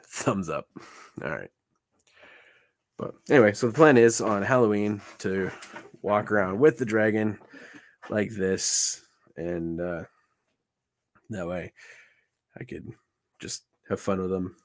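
A man's voice: on the low side, takes it slowly, pauses often. A man chatting casually on a live stream, thinking aloud with restarts and greeting viewers while showing a puppet build.

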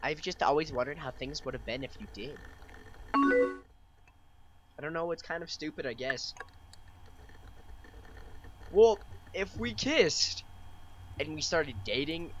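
A man's voice: a little high, expressive, measured pace, pauses often, very noisy. A young man giving playful, swearing gameplay commentary, reading chat lines aloud and reacting with mock drama. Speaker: let's play gamer. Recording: loud keyboard typing behind voice.

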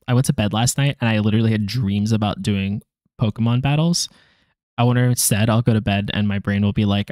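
A man streams his language study, chatting casually in a lowish, fairly even voice at normal speed with a darkish tone. The studio-quality audio has no echo. He jokes and rambles, laughs often, and trails off with fillers.

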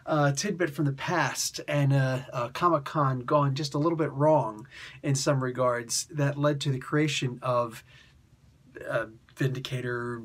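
A man with a husky, slightly breathy voice talks through a comic recap in a loose, chatty way. He chuckles often and drops into little voiced quotes of the characters. His pitch sits in an ordinary middle range for a man. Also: steady tone. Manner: rambling, chuckling, full of fillers and quick voiced quotes. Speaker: comic book reviewer host. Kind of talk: casual comic review chat.

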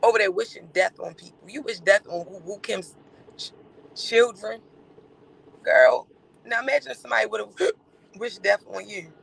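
A man doing livestream gossip commentary in a sassy, campy, teasing way, with drawn-out exclamations and laughter. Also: sits high, animated, creaky, a bit bright, breathy edge, poor audio.

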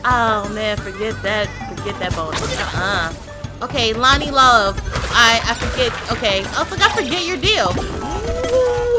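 A woman streaming a platform game, exasperated and often shouting at her failures. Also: fairly high pitch, lively intonation, normal speed. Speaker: gameplay streamer. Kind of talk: let's play commentary. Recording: loud game music behind. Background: game music.

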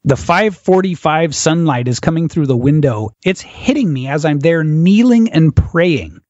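Here an American podcast guest speaks unhurriedly in a slightly high, somewhat mellow and expressive voice. Chuckling, he acts out other people's quotes while vividly recounting something that happened to him, all captured in dull, dry lo-fi sound.

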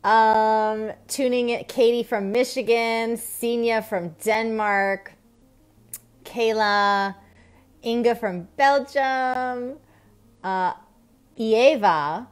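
A woman in her thirties hosting a weekly live stream, chatting casually in a bubbly, rambling way with many fillers and quick laughs. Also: a little high, steady tone, clean tone. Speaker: host of a weekly live stream on women's health.

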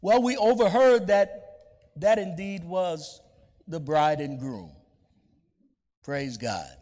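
A man preaches from the pulpit at an unhurried pace, his fairly high voice swinging widely in pitch. He leans on key words and stretches them out. The sound carries a long reverb from a large church space. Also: animated, darkish tone. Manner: deliberate preaching cadence, drawn-out emphatic words. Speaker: pastor. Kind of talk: sermon.

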